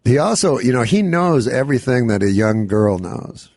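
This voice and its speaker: A middle-aged man chatting casually, rambling in a deadpan way with many pauses. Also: mid-range voice, gravelly. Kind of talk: casual chat.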